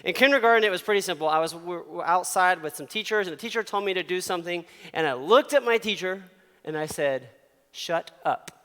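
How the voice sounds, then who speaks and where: A man in his thirties gives a casual sermon, telling stories with frequent laughs and playful voices for the people in them. His voice sits high and comes through clear and smooth. A long reverb trails behind him as in a large hall. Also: expressive, fast, sharp tone. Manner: chatty, laughs often, acts out quotes. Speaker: youth pastor.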